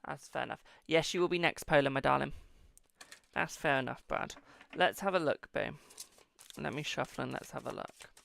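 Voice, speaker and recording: A man's voice: medium pitch, moderate pace, gravelly, fairly bright tone. A British man hosting a live-stream tarot reading, chatty and affectionate, calling viewers darling and boo.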